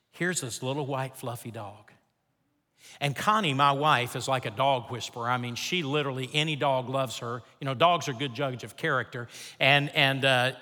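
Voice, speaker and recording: An older man preaching a sermon, reading scripture and telling a personal story with earnest, animated delivery. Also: on the high side. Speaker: pastor. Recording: long reverb of a large hall.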